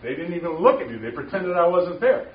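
A man giving a passionate, emphatic Christian talk to a small group of men, often rising to loud declarations. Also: fairly high pitch, sing-song, fast talker. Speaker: Christian speaker at a men's gathering. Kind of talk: informal preaching talk. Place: room with a small audience. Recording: distant, roomy, muffled with faint noise.

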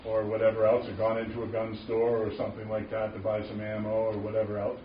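A man's voice: fairly low pitch, monotone, fast, echoey room. Emphatic male lay preacher, muffled distant recording with faint noise. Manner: passionate, emphatic, rising to loud declarations. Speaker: Christian speaker at a men's gathering. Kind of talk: informal preaching talk. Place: room with a small audience.

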